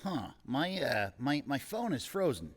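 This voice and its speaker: A man's voice: medium pitch, very animated, measured pace. A man playing a panicky ensign in a comedy radio play, whining and fretting. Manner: panicky, whiny.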